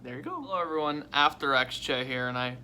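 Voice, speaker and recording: A man vlogging casually at his desk, rambling and excitable with frequent swearing and restarts. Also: mid-range voice, fast talker, slight background noise. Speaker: toy unboxing vlogger.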